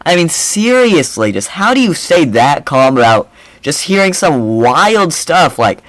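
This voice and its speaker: A young man hosting a reaction video, mocking the clip in a rambling, animated way. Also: a little high, measured pace, no room sound, low-quality recording. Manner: mocking, animated, rambling with repeated "I mean, seriously". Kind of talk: casual reaction commentary.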